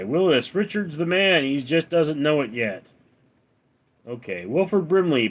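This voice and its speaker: A young male livestream host from Los Angeles talks to his viewers in a relaxed, rambling way as he works through their comments. He speaks slowly, and his pitch rises and falls widely. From Los Angeles, California. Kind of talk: casual live chat, reading comments.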